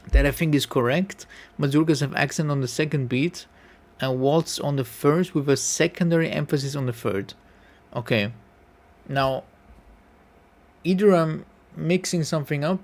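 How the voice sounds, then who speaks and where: A man's voice: medium pitch, a little mellow. A man taking a music quiz on camera, thinking aloud, correcting himself and humming passages. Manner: musing, self-correcting, hums melodies. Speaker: piano YouTuber taking a quiz.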